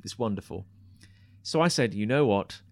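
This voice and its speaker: Casual storytelling man on a podcast, bouncy pitch, dry mic, lots of stammered restarts. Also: animated, normal speed, no room sound. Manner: rambling anecdote with stammered restarts and acted quotes. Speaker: podcast co-host.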